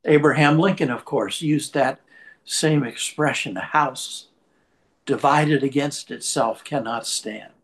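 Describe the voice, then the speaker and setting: A man preaching a sermon and telling a personal anecdote in a lively storytelling manner. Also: mid-range voice, takes it slowly. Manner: lively storyteller, shifts pace for effect.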